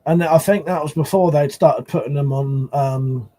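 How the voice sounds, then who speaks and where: A man's voice: fairly high pitch, moderate pace, mellow. A man hosting a casual live stream, rambling and swearing as he answers chat.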